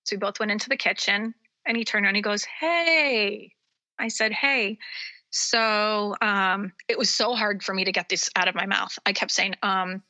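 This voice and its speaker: Bright-voiced woman telling a story. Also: mid-range voice. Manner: halting retelling with many ums and restarts. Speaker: psychic medium guest. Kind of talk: casual storytelling in an interview.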